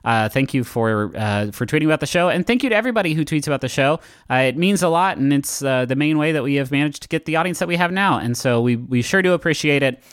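A man hosting a podcast and narrating as game master, halting with many fillers as he describes scenes. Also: on the high side, expressive, clean tone, no echo, clean studio sound.

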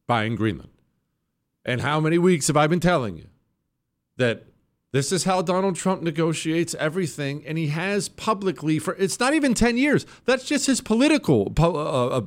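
A radio talk show host delivers opinionated political commentary with emphasis and sarcasm. He frequently slips into high, mocking voices.

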